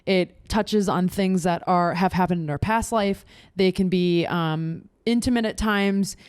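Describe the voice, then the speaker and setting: A woman's voice: fairly low pitch, a little slow, a little mellow, clear, resonant tone, no echo. A woman in her twenties co-hosting a podcast, telling candid stories in a rambling, filler-heavy way. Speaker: podcast co-host. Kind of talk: casual chat.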